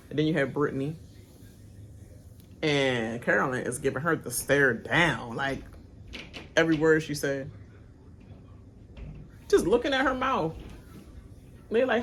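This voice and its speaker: Chatty woman reacting with lively swings. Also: moderate pace, long pauses, a little hiss or hum. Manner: chatty, laughs often, acts out cast members' lines in high squealing voices. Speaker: reaction channel host. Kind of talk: casual live-watch reaction commentary.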